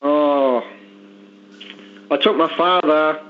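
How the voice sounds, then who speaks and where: High-voiced chatty male caller. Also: very slow, slight background noise. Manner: friendly, chatty, stumbling restarts. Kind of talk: casual phone-in chat. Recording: dull lo-fi phone line.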